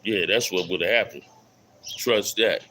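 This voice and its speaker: Low-voiced middle-aged guy on a livestream, bright punchy tone, repeats stuff, shouts out chat in slang. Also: a little slow, a little hiss or hum, rough recording. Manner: loose street slang, repeats phrases, calls out viewers. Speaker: livestream host. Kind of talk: casual live stream talk reading chat.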